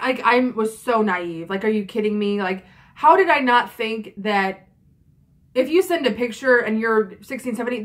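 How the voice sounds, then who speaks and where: A young woman in her twenties tells a story in a casual vlog, her voice on the high side and fairly bright. She's a vlogger who speaks chatty and frank, with plenty of fillers and swearing.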